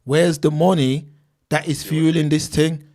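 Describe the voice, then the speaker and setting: A man's voice: on the high side, flat delivery, unhurried, a little mellow. A man, hosting a casual livestream and reading viewers' names and comments aloud in street slang. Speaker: livestream host reading chat.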